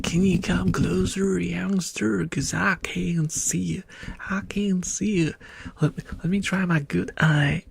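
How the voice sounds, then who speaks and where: A man voicing a doddering old man who can barely see, in a soft whispered role-play close to the mic. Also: high voice, fairly even intonation, creaky, slightly rough, dry recording, pitched above the performer's own voice, full character voice. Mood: peering, muddled. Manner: slow, soft, peering and muttering. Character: half-blind old man, squinting and doddering. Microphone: close ASMR microphone.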